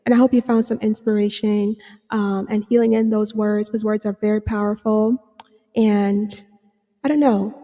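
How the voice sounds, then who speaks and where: A woman hosting her own podcast as a psychotherapist, talking earnestly with many fillers and restarts, a little hoarse. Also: medium pitch, flat delivery, moderate pace, dark tone, big-room sound. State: slightly hoarse, clearing her throat. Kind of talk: reflective solo podcast talk.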